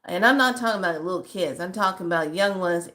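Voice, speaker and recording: An older woman hosting a spiritual live stream, reading viewer comments aloud and answering them in a lively, motherly, teasing way, calling people honey. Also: fairly low pitch, fast.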